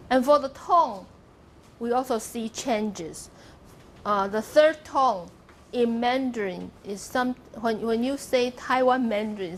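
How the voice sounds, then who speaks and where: Woman lecturing a class, steady mid-pitch voice. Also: creaky, a little hiss or hum. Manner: explains step by step, demonstrating pronunciations and asking "okay?". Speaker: university lecturer. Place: classroom with students.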